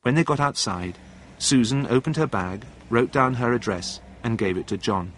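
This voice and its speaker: A man narrating a story in a calm, plain, measured reading voice. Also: mid-range voice, slight background noise.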